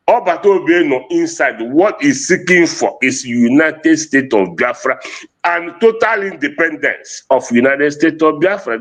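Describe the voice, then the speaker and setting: This is a man with a Nigerian Igbo accent, speaking with conviction on a livestream. His voice sits a little high for a man. He slips between English and Igbo as he talks. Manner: impassioned, mixing English and Igbo. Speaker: activist speaker. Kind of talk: impassioned livestream talk.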